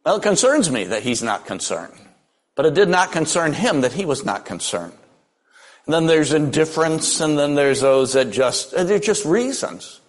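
A man's voice: fairly high pitch, big pitch swings, moderate pace. An older man preaching a sermon, telling folksy stories with dry humor. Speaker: pastor.

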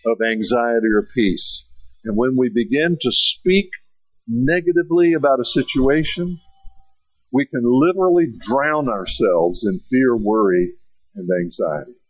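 A man preaching a sermon, swelling with emphasis and slowing down on key phrases. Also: mid-range voice, dry recording, lo-fi sound. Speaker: pastor.

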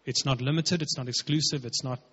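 A man's voice: mid-range voice, fairly even intonation, brisk, fairly bright tone, slightly rough. Man, pastor, emphatic sermon, conversational, long hall reverb, muffled recording. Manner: emphatic, conversational preaching with acted-out quotes.

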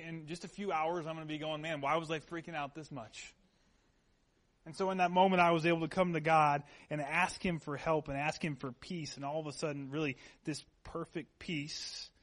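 A man's voice: fairly high pitch, a bit bright. A man preaching a sermon as a pastor. He talks in an earnest, conversational way, tells personal stories, and repeats key points for emphasis.

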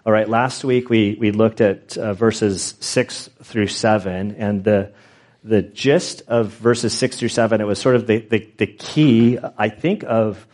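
A middle-aged pastor telling stories in a loose, self-deprecating sermon with many restarts and asides. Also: male voice, lowish voice, steady tone, a little slow, darkish tone. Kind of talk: conversational Bible teaching with stories.

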